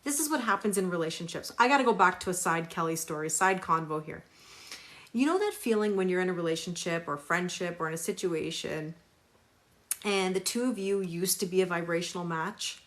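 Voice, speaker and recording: A woman's voice: lowish voice, expressive, a little fast, fairly bright tone. Emphatic woman tarot reader. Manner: emphatic, repeats phrases, greets viewers by name. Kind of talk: live-stream chat.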